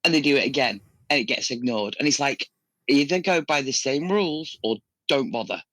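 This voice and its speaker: A woman's voice: a bass voice, fairly quick, a bit bright, dry recording. A woman on a podcast panel, chatting casually, playful and hesitant as she thinks aloud.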